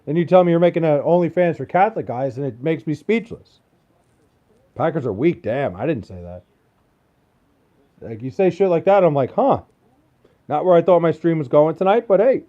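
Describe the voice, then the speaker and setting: Young male streamer, slightly high voice, casual, swears often, weary banter with chat. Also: lively intonation, normal speed, pauses often, narrow, tinny audio. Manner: loose, profane, joking banter with chat. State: tired. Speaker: livestreamer. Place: at home in Wisconsin.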